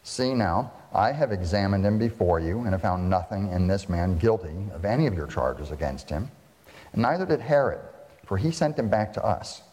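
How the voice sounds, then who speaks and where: A man reading the part of an uneasy Roman governor aloud in a formal, measured way, heard in a reverberant hall. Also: low voice, animated, a little mellow. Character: stern Roman male governor, uneasy and wavering. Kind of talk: scripture reading.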